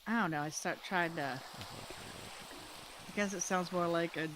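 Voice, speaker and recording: A woman's voice: lowish voice, normal speed, noisy background. A woman streamer chatting casually while gaming, telling rambling stories full of restarts.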